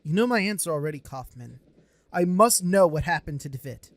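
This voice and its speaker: A man's voice: on the high side, expressive, brisk. A man reading an earnest determined doctor. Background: game music.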